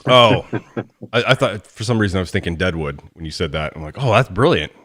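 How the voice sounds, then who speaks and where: A man hosting a podcast, chatting casually about sports and telling a story with lively swings and the odd curse. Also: low-pitched, fairly quick, a little hiss or hum. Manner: animated storyteller, swears freely. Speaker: podcast host.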